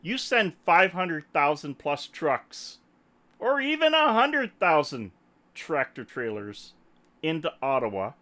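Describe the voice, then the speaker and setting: A man's voice: on the high side, takes it slowly. A man hosting a podcast, ranting in an emphatic, joking way during casual chat. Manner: animated, emphatic, jokey ranting. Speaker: podcast host. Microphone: desktop microphone.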